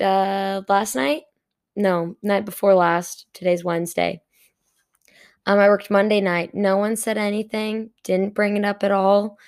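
Her voice is medium in pitch, smooth, and somewhat dark as this young woman chats through a storytime about a shift at her retail job. She's giggly, stifles her laughter, and leans heavily on "like" as a filler.

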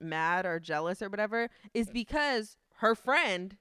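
A young woman co-hosting a podcast, telling a story in a casual, animated way with a lot of slang and swearing. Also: mid-range voice, a little slow, smooth, no room sound. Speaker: podcast co-host. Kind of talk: casual chat.

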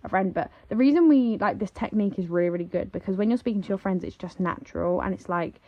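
A woman's voice: mid-range voice, fast, darkish tone. A young woman, chatting casually in a vlog and saying "like" and "literally" all the time. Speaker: vlogger. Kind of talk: casual chat. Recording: slightly dull lo-fi audio.

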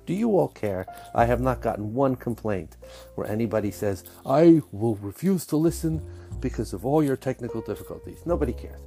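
A man's voice: lowish voice, creaky, dark tone. A man hosting a podcast, talking in a chatty, enthusiastic, rambling way, his voice scratchy from a stomach bug. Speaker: podcast host. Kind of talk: casual podcast intro.

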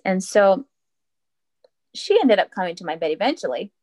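A woman's voice: medium pitch, lively intonation, moderate pace, darkish tone. Earnest mother telling a story, faith-minded. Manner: earnest, reflective, with frequent fillers and restarts. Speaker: podcast guest. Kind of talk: casual conversational storytelling.

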